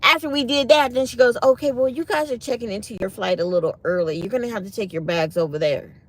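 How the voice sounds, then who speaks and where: A woman's voice: on the high side, fast talker. A middle-aged woman hosts her own channel and chats casually with her viewers. She tells a story with mounting exasperation and acts out every back-and-forth in the quoted voices. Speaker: channel host.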